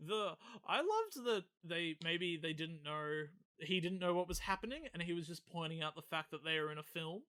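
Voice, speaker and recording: A man's voice: fairly high pitch, animated, normal speed, hardly any pauses, pushed and bright, clear, resonant tone. A man co-hosting a casual film-review podcast, playful and acting out lines in mock voices. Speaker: podcast co-host.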